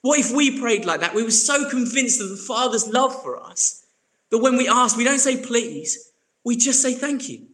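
A young adult man, preaching a sermon in an earnest way that swings between soft reflection and emphatic bursts. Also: very high voice, normal speed. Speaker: pastor.

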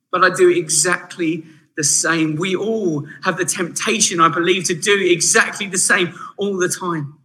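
A man preaching a sermon, animated and shifting from hushed asides to emphatic points. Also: fairly high pitch, rough recording.

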